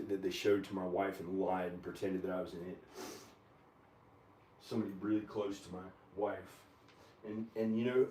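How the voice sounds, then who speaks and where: A man at home in his kitchen, rambling in an agitated, meandering monologue with frequent pauses and fillers. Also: lowish voice, darkish tone. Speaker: video maker. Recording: echoey room, camera far from the mouth.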